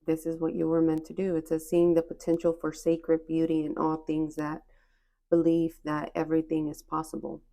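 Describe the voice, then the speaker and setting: A woman's voice: low-pitched, monotone, normal speed, warm tone. A woman giving a spiritual oracle card reading to her viewers, reassuring and encouraging in a casual, slangy way, often repeating phrases.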